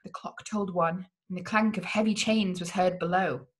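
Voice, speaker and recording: A woman's voice: on the low side, steady tone, moderate pace. A woman hosting a read-along, reading a gothic novel aloud with drama and the odd slip. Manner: dramatic reading with occasional slips.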